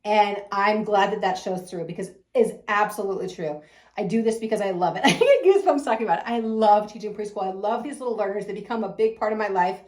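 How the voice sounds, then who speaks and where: A woman with a medium-pitched, slightly mellow voice talks quickly in an echoey room. She is a preschool teacher and owner promoting her school, gushing effusively and laughing often.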